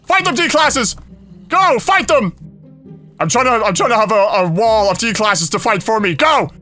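A man voicing his gameplay in a high, bright voice that leaps all over the place, swinging from nervous mumbling into sudden yelps and shouts. He fills the gaps with stammered fillers as panic builds, and a little music plays quietly underneath. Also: animated, normal speed. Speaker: gaming YouTuber. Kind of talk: frantic gameplay commentary.

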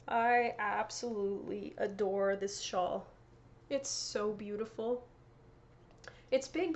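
A woman hosting a knitting podcast, chatting casually and showing off her yarn and prizes, often correcting herself and laughing. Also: mid-range voice. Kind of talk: casual show-and-tell chat.

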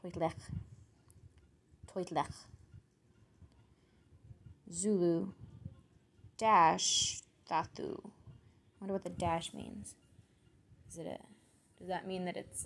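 A woman with a low, gravelly voice works slowly through lists of foreign words and their meanings. She mutters and thinks aloud as she sounds each word out. A faint hiss sits under the recording. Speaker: word channel host. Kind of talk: solo vocabulary reading.

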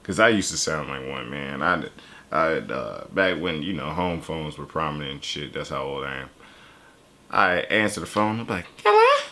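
Young male reaction host, low voice with a sharp edge, casual and cussing. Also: normal speed. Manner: loose, profane, animated talk with laughs.

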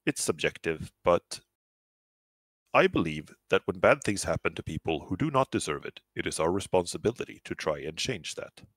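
A man reading a calm, reflective male crewmate. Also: low-pitched, slightly rough, dry recording, voice pushed down, heavily acted. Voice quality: measured, earnest delivery. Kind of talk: reading visual novel dialogue aloud.

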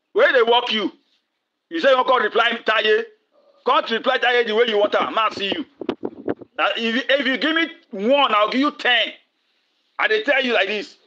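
A man's voice: sits high, pushed and bright, dull audio. A man from Nigeria with a Nigerian Pidgin accent, delivering an angry, confrontational video rant full of taunts and curses. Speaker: online commentator.

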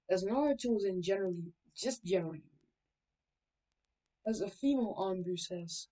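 A woman's voice: fairly low pitch, moderate pace, warm tone, low-quality recording. A woman casually narrating a fan story, rambling, swearing and correcting herself as she goes.

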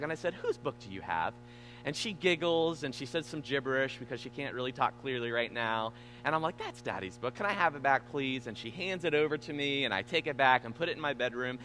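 Animated, high-voiced young male pastor. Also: a little hiss or hum. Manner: animated storytelling, self-deprecating humor. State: tired. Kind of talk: sermon.

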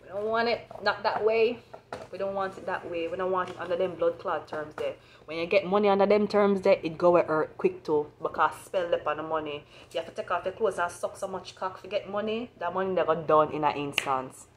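A woman's voice: on the low side, fairly quick, a little hiss or hum. A woman with a Jamaican accent giving an astrology reading as a blunt, profane rant. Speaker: astrology reader.

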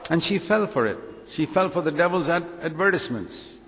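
A man's voice: on the high side, animated, fairly quick, few pauses, a bit bright, long reverb tail. A man preaching a sermon emphatically, full of rhetorical questions and acted-out quotes.

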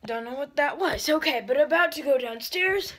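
A woman's voice: high-pitched, lively intonation, moderate pace, a bit bright. A young woman chatting casually to her phone camera in a vlog, playful and chatty. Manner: chatty and playful, tired at times. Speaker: vlogger.

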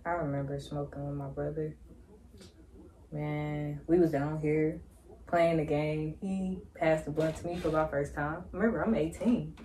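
Animated young woman telling a story. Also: low-pitched, a little slow. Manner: animated storyteller, laughs, acts out her own reactions. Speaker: guest. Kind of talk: casual storytelling.

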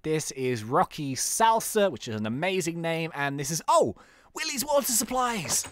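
A man's voice: very animated, moderate pace, no echo, studio quality. A young man giving jokey, playful commentary while playing a game. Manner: playful, jokey, laughs at own jokes, wildly swinging pitch. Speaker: gaming YouTuber. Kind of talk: casual gameplay commentary.

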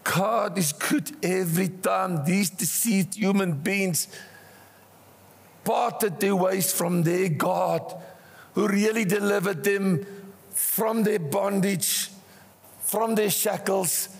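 An older man with a South African accent preaching a passionate sermon, swinging between rising cries and hushed asides, in a church. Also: sits high, takes it slowly, gravelly, husky. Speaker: pastor. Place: church hall. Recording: church hall reverb.

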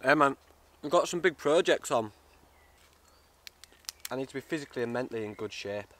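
A man's voice: mid-range voice, expressive, brisk, fairly bright tone. A man vlogging outdoors in the woods, chatty and heartfelt, often calling the viewer mate. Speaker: bushcraft vlogger. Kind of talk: casual outdoor vlog.

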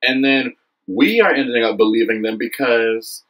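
A young man vlogging an impassioned monologue to camera, earnest and preachy, often asking "okay?" and "you know what I mean?", his voice jumping higher when he gets fired up. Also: moderate pace, low-quality recording. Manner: animated, swings high when excited.

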